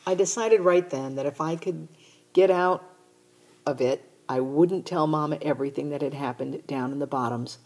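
A woman reading a children's novel aloud in a steady first-person narration. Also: deep voice, moderate pace. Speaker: audiobook reader. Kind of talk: storybook narration.

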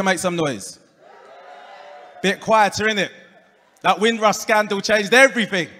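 Performing stand-up at a comedy club in front of a live crowd, this Englishman with an Essex accent speaks in a high voice at an unhurried pace. Expect deadpan punchlines, crowd work and voices for quoted people, with the live room giving a long reverb.

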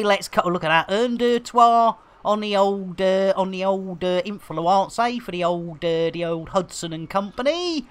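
A man's voice: high voice, unhurried, hardly any pauses, a bit bright, clear, resonant tone. A man giving live, joke-filled commentary while streaming a game, full of puns and cheeky wordplay.

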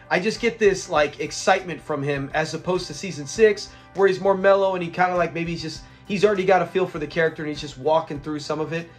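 A man hosting a casual episode breakdown, eager and rambling as he retells scenes. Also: high voice. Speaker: host of a classic sitcom review channel.

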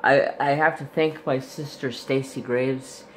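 Male craft host, unhurried and rambling, a bit stuffy from a recent cold. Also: mid-range voice, fairly even intonation, a little hiss or hum. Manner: rambling, chatty, lots of fillers and self-corrections. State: slightly stuffy, recovering from illness. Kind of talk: casual unboxing vlog.

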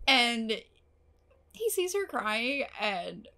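A woman's voice: fairly high pitch, big pitch swings, extremely slow, bright, forceful tone. A young woman casually reviewing a TV episode. She gushes, swears freely and fills her talk with "like". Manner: gushing and emotional, swears, many "like" fillers.

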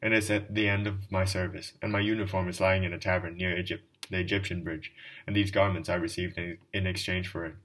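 A drunken middle-aged clerk rambles through a confession, read by a man in his own deep voice. He pleads and repeats himself, calling his listener sir. The voice sits a little back from the mic. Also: level tone, fairly quick, a bit bright, recorded from a distance, rough recording. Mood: pleading.

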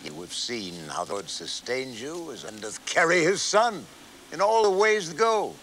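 A man's voice: on the high side, expressive, moderate pace, fairly bright tone, a little hiss or hum, pitched above the performer's own voice, low-quality recording. A man voicing Moses, an earnest aged prophet who leads his people, speaking in a raised, fervent tone. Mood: exhorting.

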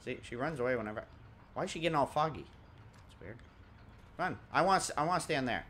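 A man's voice: medium pitch, animated, fast talker, a bit bright, a little hiss or hum. A young man giving casual, joking let's-play commentary, laughing often and mimicking characters. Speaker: gaming commentator.

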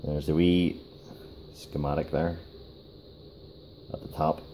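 Super deep-voiced guy doing a diy demo at his bench, stops and restarts a lot, hiss in the background. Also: flat delivery, mellow, rough recording. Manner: halting, with many fillers and restarts. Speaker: DIY car repair video host. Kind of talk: casual hands-on demonstration.

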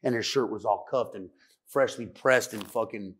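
Husky-voiced man telling a prison story. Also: lowish voice, moderate pace. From San Fernando Valley, California. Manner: profane, soft-spoken and reflective. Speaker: podcast guest. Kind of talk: candid storytelling.

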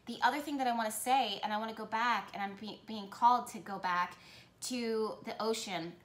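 A woman giving a tarot reading for her channel, talking with excitement and often breaking off to correct herself. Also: on the high side, fairly quick, reverberant. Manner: excited, rambling, self-correcting. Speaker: tarot reader.

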